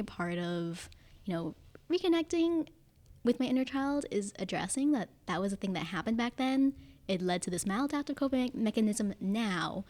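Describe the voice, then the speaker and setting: A young woman with a Californian accent hosting a community podcast, asking questions hesitantly and murmuring agreement. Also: medium pitch. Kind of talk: casual chat.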